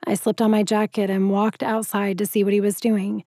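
Woman narrator for a first-person romance audiobook; warm, intimate, emotive read in a dry booth. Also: mid-range voice, level tone, normal speed, dry recording.

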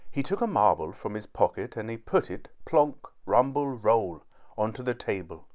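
A man reading a children's storybook aloud with an expressive, animated delivery. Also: fairly low pitch, a little fast.

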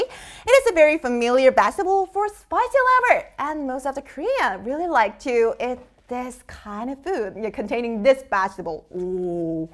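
A woman's voice: fairly high pitch, a bit bright. A young woman hosting a live quiz show, bubbly and playful, laughing often between clues.

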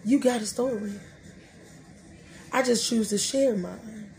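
A woman's voice: a little high, slow pace, vocal fry, darkish tone, a little hiss or hum. A middle-aged woman hosting a podcast, sharing faith talk in a colloquial, joking, storytelling way. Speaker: podcast host.

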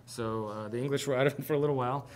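A man's voice: mid-range voice, fairly even intonation, rapid-fire, a little hiss or hum. Man giving a casual history talk. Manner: conversational storytelling. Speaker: seminar presenter. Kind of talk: informal history lecture. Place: presentation with slides.

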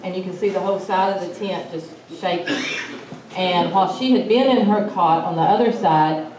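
A woman's voice: on the low side, normal speed, a little mellow. Woman, casual storyteller, acts out quotes; distant mic, roomy echo. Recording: echoey room, mic at a distance, faint noise.

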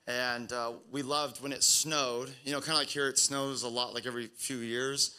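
A man's voice: mid-range voice, flat delivery, normal speed, sharp tone, smooth. A young man from the Pacific Northwest preaching a sermon in a casual, rambling way, full of fillers and restarts. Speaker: pastor.

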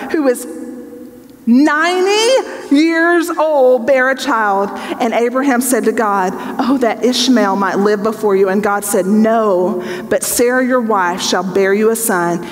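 A woman's voice: fairly high pitch, long reverb tail. Woman Bible teacher with a chatty style. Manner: reads scripture aloud, then explains in a chatty, joking way.

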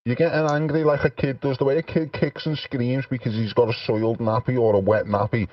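A man's voice: mid-range voice, steady tone, fairly quick, recorded from a distance, highs cut off, a loud crowd. A man mocking and taunting another guest on a livestream panel.

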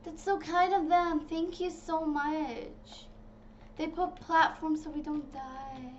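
High-voiced chatty woman playing a game. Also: slow pace. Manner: chatty and excitable, talks to viewers as "guys". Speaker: gaming channel host. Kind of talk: casual gameplay commentary. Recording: slightly dull lo-fi audio with faint noise.

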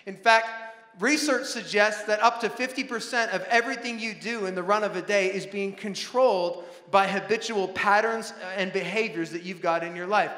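A man in his thirties preaching a sermon in a church, animated, acting out family scenes with bursts of shouting. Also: sits high, moderate pace. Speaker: pastor. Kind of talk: sermon with storytelling. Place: large church auditorium. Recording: echoey hall with long reverb.

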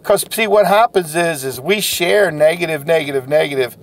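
A man's voice: on the high side, normal speed. A man, a sales coach giving a folksy, self-deprecating motivational talk.

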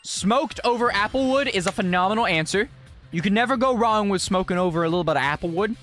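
A young male streamer commenting on his gameplay live and chatting with his viewers. His voice sits fairly high and swings widely in pitch, loud outbursts mixed with easy casual slang, over faint game music. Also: fast talker. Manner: animated, exclaiming, casual slang.

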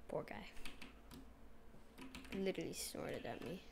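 A woman's voice: on the low side, lively intonation, a little slow, gravelly, noisy background. A woman giving rambling, casual commentary as she plays a game, chatting away and talking to the animals she meets. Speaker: gameplay streamer.

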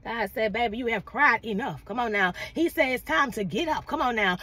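A woman's voice: on the high side, expressive, moderate pace, few pauses, pushed and bright, breathy edge. A woman preaching a prophetic word in a fervent call-and-response manner, often repeating "come on now" and calling listeners "baby".

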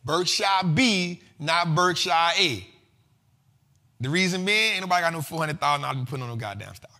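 Bright-voiced, slangy finance host man. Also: a little high, moderate pace. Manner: slangy, animated, laughs often. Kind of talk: casual finance commentary.

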